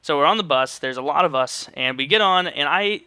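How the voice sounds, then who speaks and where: A man's voice: fairly high pitch, a little fast, sharp tone, clear, resonant tone, no echo. A young man from St. Louis, Missouri, telling a rambling, joking story in casual vlog style and swearing freely. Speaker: vlogger.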